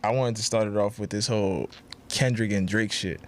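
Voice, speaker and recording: A man with a New York accent hosting a podcast, steering a relaxed, conversational chat. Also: fairly low pitch, moderate pace. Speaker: podcast host. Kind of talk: casual podcast banter.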